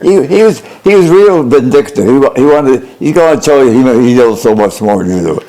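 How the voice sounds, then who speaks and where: A man's voice: medium pitch, animated, a little fast, warm tone, poor audio. An elderly American man, a war veteran, answering interview questions in a blunt, rambling, plain-spoken way. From United States. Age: older. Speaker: WWII veteran guest. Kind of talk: casual interview.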